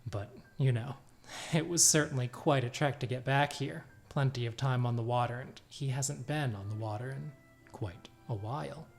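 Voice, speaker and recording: A man narrates a tabletop game as game master, telling the scene in a relaxed, descriptive way. His voice sits at an ordinary pitch for a man, with faint music playing behind him. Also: moderate pace, vocal fry.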